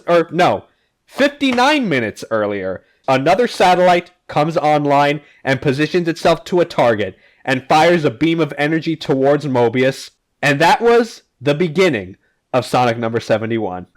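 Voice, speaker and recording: A man hosting a casual podcast, recapping comics in a rambling, filler-heavy way with the odd swear. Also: on the high side. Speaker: podcast host.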